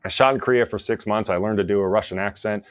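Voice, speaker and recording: A man, an actor and former soldier, telling stories in a casual podcast interview, animated and laughing often as he talks. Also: on the low side, fast. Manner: animated storyteller, laughs often, many restarts.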